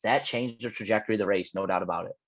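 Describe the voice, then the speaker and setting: A man's voice: lowish voice, racing, dry recording, dull audio. A man on a casual podcast, cracking slangy jokes and giving race analysis. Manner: wisecracking, slangy.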